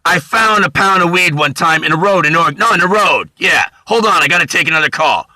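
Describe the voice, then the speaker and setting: A man voicing a brash man yelling on the phone. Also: fairly high pitch, animated, fast talker, dry recording, pitched above the performer's own voice. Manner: loud, brash.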